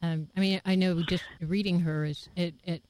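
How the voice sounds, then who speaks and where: A woman hosting a casual interview, lively and chatty, quick to laugh. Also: fairly low pitch, no echo, rough recording. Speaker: host.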